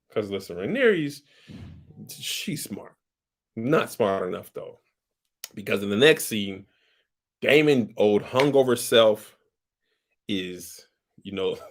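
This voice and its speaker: A man giving a comedic TV recap in loose, slangy speech, animatedly acting out scenes. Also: fairly low pitch. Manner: animated slangy storytelling, acts out characters.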